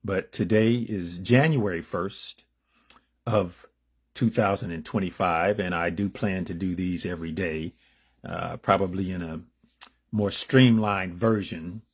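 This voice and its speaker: A man casually reading daily spiritual meditations aloud, unrehearsed, lifting his voice for the passages and dropping low and quiet for loose asides in between. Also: steady tone, measured pace, husky. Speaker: spiritual reader.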